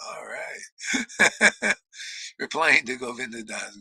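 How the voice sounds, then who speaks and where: A man's voice: high-pitched, animated, slow, long pauses, sharp tone, breathy edge, no room sound, rough recording. A man preaching a blunt, combative sermon, swearing for emphasis and laughing between remarks. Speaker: spiritual teacher. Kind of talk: ranting sermon.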